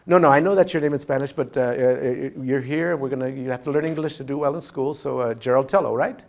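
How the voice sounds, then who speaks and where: A man's voice: medium pitch, fast talker, creaky, lightly acted. A man voicing a condescending schoolteacher who coaxes and talks down to a small child. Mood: patronizing. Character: condescending schoolteacher, patronizing and insistent.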